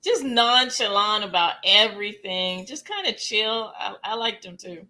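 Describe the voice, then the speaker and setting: A woman co-hosting a casual spoiler review of a movie, eager and quick to agree with the others. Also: medium pitch, lively intonation, pushed and bright, low-quality recording.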